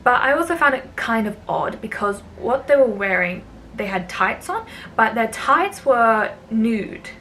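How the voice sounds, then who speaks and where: A young woman telling a story in a casual vlog, chatty and full of fillers, acting out quoted lines with lively ups and downs. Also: on the high side, a little slow, slight background noise, rough recording. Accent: Australian. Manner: chatty, lots of "like" fillers, animated quoted dialogue. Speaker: vlogger.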